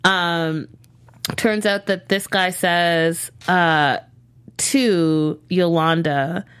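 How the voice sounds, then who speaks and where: A woman co-hosting a casual entertainment news show, talking in an animated way with playful asides and slang. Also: on the low side, drawn-out words, clean tone. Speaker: co-host.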